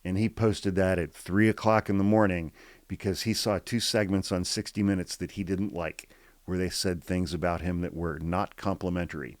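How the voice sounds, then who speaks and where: Deep-voiced man doing blunt political commentary. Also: moderate pace, no room sound. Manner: reads quotes aloud in a flat, calm tone and swears freely. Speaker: podcast host.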